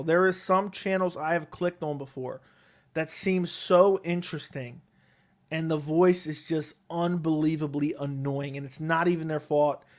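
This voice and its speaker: Sitting close to his desk mic at home, a Connecticut man hosts a casual MMA live stream on YouTube. His voice sits a bit higher than most men's, and he answers viewers' chat questions one at a time in a relaxed, rambling way.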